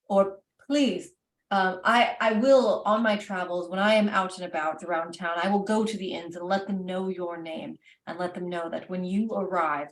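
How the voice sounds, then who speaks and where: A woman's voice: mid-range voice, close to an everyday voice. A woman voicing a grateful, formal male wereraven winemaker, recorded roomy and from a distance. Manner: polite, formal and heartfelt.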